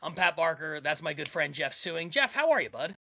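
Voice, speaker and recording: Bright gravelly male podcast host. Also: fairly high pitch, very animated, a little fast, no echo, studio quality. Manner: upbeat, hesitant with fillers when thinking. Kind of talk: casual chat.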